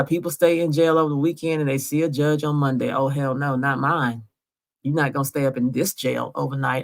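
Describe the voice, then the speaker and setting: A woman from Georgia telling her story straight to camera, insistent and emotional, often checking in with her viewers. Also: low voice. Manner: insistent, keeps asking "right?". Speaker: vlogger. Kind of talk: emotional direct-to-camera vlog.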